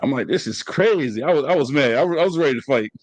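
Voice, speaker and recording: A man's voice: mid-range voice, rapid-fire, dry recording. A man hosting a podcast interview, telling stories with lots of restarts and repeated words. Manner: animated storyteller, stammers and repeats words. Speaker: podcast host. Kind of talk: casual interview chat.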